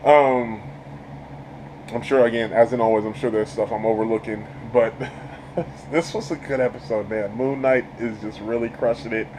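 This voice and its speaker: A man's voice: mid-range voice, darkish tone, a little hiss or hum, low-quality recording. A man giving a casual, enthusiastic spoken review of a TV episode, rambling and laughing often. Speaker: YouTube show reviewer.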